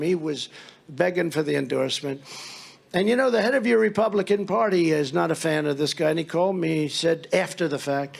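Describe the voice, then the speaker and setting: Speaking at moderate pace to a political rally, a high-voiced man with some gravel in his throat keeps things conversational and loose. He wanders through mocking tales, now and then acting out short back-and-forths between people.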